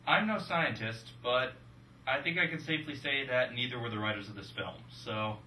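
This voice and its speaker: A young man co-hosting a casual movie-review chat with wry, deadpan jokes. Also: mid-range voice, fairly quick, slight background noise. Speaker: film review podcast co-host. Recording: roomy room from a distance.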